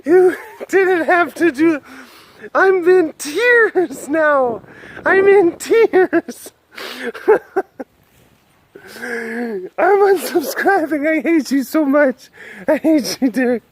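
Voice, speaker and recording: A man's voice: lively intonation, very slow, long pauses, exaggerated voice. A man putting on the voice of a whiny, heartbroken viewer who wails in mock sobs. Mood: mock anguish. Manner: high wailing mock sobs.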